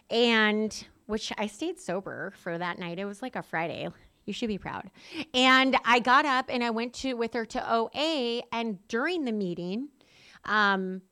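Woman, smooth clear voice, candid storyteller, self-deprecating, chatty and loose. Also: medium pitch, a bit bright. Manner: self-mocking, laughs often, heavy use of "like". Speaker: speaker sharing her recovery story.

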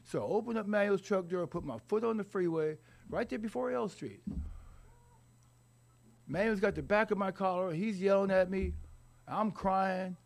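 A man's voice: high voice, creaky. Rambling man telling a wry life story. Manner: rambling, halting, with wry humor. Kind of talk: personal recovery story told to an audience.

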